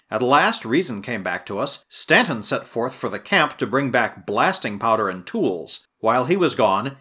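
A man narrates a first-person adventure tale as an audiobook, his voice husky and slightly rough. His pitch moves widely and expressively through the telling. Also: fairly bright tone.

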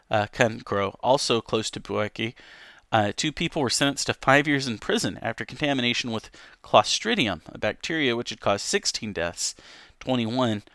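Man, livestream host, casual news reading, chat asides, fillers and restarts, bright tone, dry close sound. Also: on the low side, no room sound. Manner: reads aloud with frequent ums and self-corrections.

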